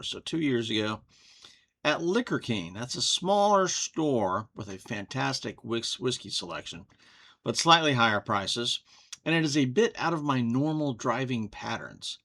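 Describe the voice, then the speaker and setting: Male whiskey reviewer, Texas, bright and forceful tone, folksy home-review delivery. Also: mid-range voice. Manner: folksy, unhurried, thinks aloud.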